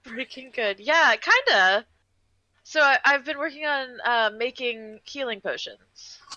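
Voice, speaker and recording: Bright, lively woman player. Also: sits high, unhurried, dry recording. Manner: chatty and hesitant, lots of fillers. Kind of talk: casual tabletop game play. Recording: dull, dry lo-fi mic.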